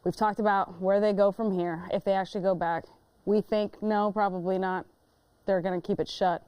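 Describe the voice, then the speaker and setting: A woman hosting a casual panel chat, playful and lively, saying y'all. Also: mid-range voice, moderate pace, smooth, dry recording. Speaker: host.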